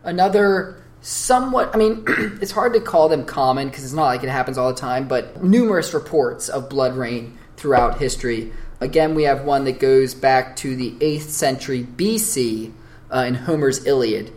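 A man with a medium-pitched, expressive, darkish voice co-hosts a podcast at a moderate pace. In casual chat he tells stories in a rambling, hesitant way, with plenty of fillers.

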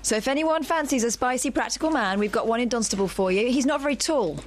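A woman's voice: a little high, quick pace, a little hiss or hum. A woman co-hosting a radio phone-in, teasing callers with dry wit. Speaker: radio co-host.

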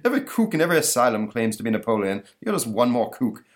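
A man voicing a shaggy male monster from a cartoon, loud and blustering. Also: medium pitch, sing-song, fast, close to an everyday voice.

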